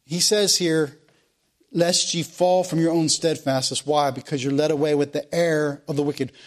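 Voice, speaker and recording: A man's voice: on the high side, fairly even intonation, normal speed. A man preaching a sermon, asking the congregation questions and reading scripture aloud. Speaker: pastor.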